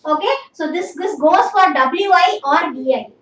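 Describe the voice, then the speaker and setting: A woman's voice: very high-pitched, animated, normal speed, a bit bright, dull audio. A woman teaching a language class, patient and drilling students, saying "okay" constantly. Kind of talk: live online class. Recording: echoey room, distant mic, faint noise.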